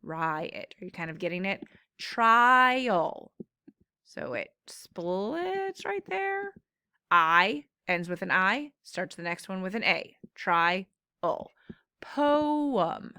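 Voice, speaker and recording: A woman's voice: on the low side, sing-song, sharp tone, dry recording, clean studio sound. A woman teacher patiently explaining syllable patterns in a classroom phonics lesson. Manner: slow, patient explaining with drawn-out words.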